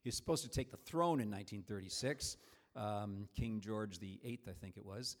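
A man's voice: lowish voice, normal speed. A man preaching a sermon in a conversational, storytelling way, with frequent restarts.

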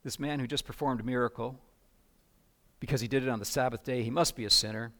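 A man's voice: mid-range voice, fairly even intonation, fast talker, fairly bright tone. A male pastor giving a sermon in a conversational way, often stumbling over repeated words. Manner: conversational preaching with dramatic readings and frequent repeated words.

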